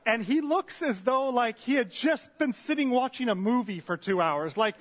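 A man preaching a sermon in a church room, telling a story in an animated, self-deprecating way. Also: very high voice, normal speed, hardly any pauses. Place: church meeting room with a slide screen.

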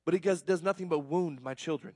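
A man's voice: fairly high pitch, quick pace, darkish tone, slightly rough, no room sound. Earnest man preaching, dry close sound. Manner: earnest, self-deprecating, repeats words when worked up. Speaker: pastor. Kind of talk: conversational sermon.

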